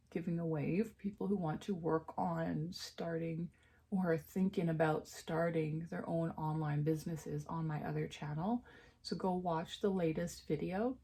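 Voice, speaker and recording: A woman vlogger chatting candidly while doing her makeup, jumping up in pitch at times and dropping into half-whispered asides. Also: vocal fry, warm tone.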